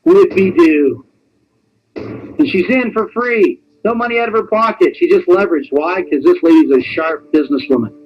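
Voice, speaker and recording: A man presenting a sales pitch on a webinar, in an animated, teasing, repetitive salesman patter. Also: brisk, highs cut off.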